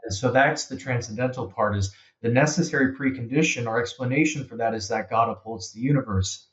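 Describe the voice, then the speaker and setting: A man's voice: medium pitch, brisk, a bit bright. A man, a guest author, explaining his arguments earnestly and returning to the same key points. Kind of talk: casual conversation. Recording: slightly muffled sound.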